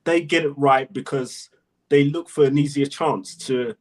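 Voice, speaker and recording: A man's voice: fairly high pitch, steady tone, a little slow. Earnest man debating football. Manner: earnest, talks in repeated phrases. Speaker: podcast panelist. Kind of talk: casual football chat.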